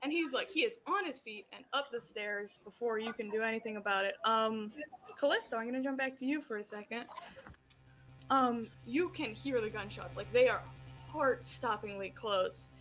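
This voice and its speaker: A woman's voice: fairly high pitch, moderate pace, fairly bright tone, soft background music. Casual woman game master narrating. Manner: casual, filler-heavy narration.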